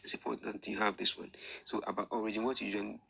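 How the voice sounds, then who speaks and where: A man's voice: on the low side, flat delivery, very fast, vocal fry, sharp tone, husky, low-quality recording. A man teaching an online lesson, explaining step by step in a patient, repetitive way and thinking aloud with fillers. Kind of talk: screen-share lesson explanation.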